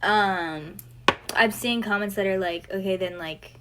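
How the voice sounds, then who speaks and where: A woman's voice: mid-range voice, a little slow, background noise. A woman in casual chat who speaks in a flustered way and keeps losing her train of thought.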